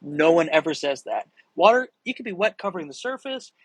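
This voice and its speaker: A young man with a slightly high voice, chatting live to viewers in a rambling, excitable way, cursing as he goes. The sound is dry and close, with no room around it. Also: brisk, husky, no echo, low-quality recording. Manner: rambling, excitable, swears freely. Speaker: livestream host answering viewer questions. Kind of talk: casual live chat.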